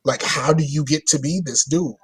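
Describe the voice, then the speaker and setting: A man's voice: fairly high pitch, steady tone, normal speed, husky. A man co-hosting a casual podcast, talking about video games in a rambling way with many restarts. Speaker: podcast co-host. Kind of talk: casual gaming chat.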